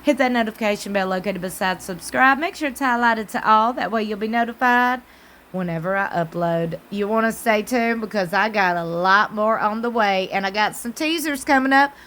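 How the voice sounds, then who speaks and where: A woman's voice: medium pitch, normal speed, fairly bright tone. A woman with a Southern US accent giving a sassy, casual recap of a reality TV show. She talks back to the screen and adds preacher-like asides. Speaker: TV recap host.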